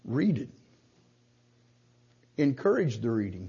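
An older man preaches a sermon in a voice on the high side at normal speed, captured in dull audio. He presses his point emphatically with rhetorical questions, punching key words and rising to loud stresses.

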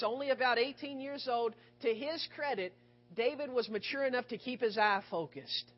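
A male preacher giving a sermon, retelling scripture with rhetorical questions and expressive storytelling. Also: very high-pitched. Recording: dull lo-fi recording.

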